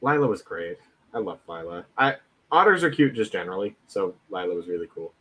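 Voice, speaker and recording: A man's voice: sits low, sing-song, a little fast, sharp tone. A man co-hosting a casual podcast chat, earnest and talking through his points at length. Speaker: podcast co-host.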